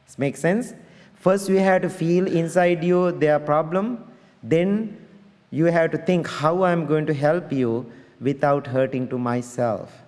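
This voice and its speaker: Buddhist monk teaching in a reverberant hall. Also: male voice, fairly high pitch, unhurried, a little mellow. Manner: non-native English phrasing, earnest and direct; conversational teaching, asks listeners to check understanding. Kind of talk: dharma talk. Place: large congregation hall.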